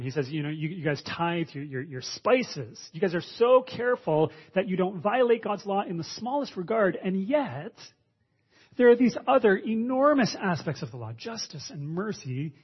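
A man with a slightly high, husky voice preaches a sermon. He talks in a loose, conversational way, full of restarts. The recording sounds dull and lo-fi. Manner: conversational, with frequent restarts and fillers.

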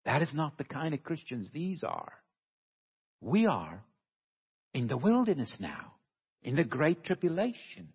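A man preaching a sermon slowly and emphatically, with dramatic pauses, recorded in a church hall. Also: on the high side, sing-song, breathy edge. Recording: dull, lo-fi recording with long hall reverb.

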